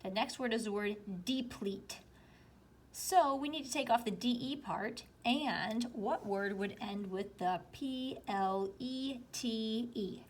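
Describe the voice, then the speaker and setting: A woman teacher slowly and patiently walking students through a spelling worksheet, step by step. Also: fairly high pitch, a little hiss or hum. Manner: slow, patient, explaining step by step. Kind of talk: spelling lesson walkthrough.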